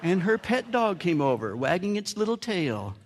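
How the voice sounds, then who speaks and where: A man's voice: high voice, very animated, moderate pace, long reverb tail, faint music behind. A man with an American accent preaching a sermon as pastor, telling humorous stories and putting on playful voices for quotes. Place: church sanctuary.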